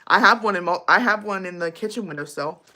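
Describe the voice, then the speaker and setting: A woman's voice: mid-range voice, fast talker, sharp tone. A young woman casually chatting with viewers on her livestream, bubbly and giggly, with lots of likes and ums. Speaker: livestream host.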